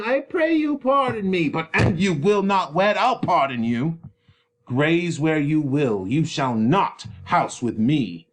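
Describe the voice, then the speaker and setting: A man's voice: extremely high pitch, voice pushed up. A man doing a furious bullying old lord. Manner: shouting, bullying, clipped threats. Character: furious domineering older male lord, father. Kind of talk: dramatic reading of a play.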